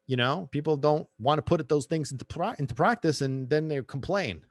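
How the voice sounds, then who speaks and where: A man's voice: a little high, a little fast, no room sound. A man hosting a podcast, talking about his work with passion, repeating himself and preaching a little, and dropping in Italian phrases. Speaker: podcast host and dog trainer. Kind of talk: casual podcast monologue.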